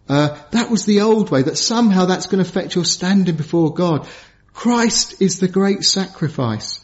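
A man preaching a sermon in an earnest way, slowing down to stress key points. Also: sits high, expressive. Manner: earnest, slows down for emphasis. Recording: dull lo-fi sound.

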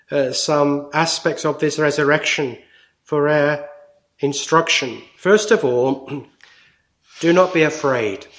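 A man preaching a sermon in a slow, deliberate way with emphatic pauses. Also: fairly high pitch.

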